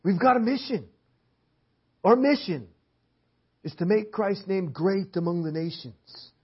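Guy preaching in a church hall, kinda husky and high, muffled lo-fi recording, punchy repeated lines. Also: lively intonation, a little slow. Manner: emphatic, repetitive preaching cadence. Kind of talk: sermon. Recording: dull lo-fi sermon audio.

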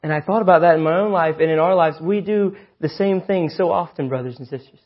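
A young man preaching a sermon, earnest and emphatic, building to loud stressed phrases. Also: a little high, fast, dull audio.

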